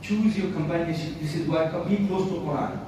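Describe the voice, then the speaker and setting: A man's voice: a little high, brisk. A man preaching a sermon in a mosque, putting rhetorical questions to the audience and checking in with them again and again. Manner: rhetorical, keeps asking the audience "right?". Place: mosque hall. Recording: echoey mosque hall, distant mic, faint hiss.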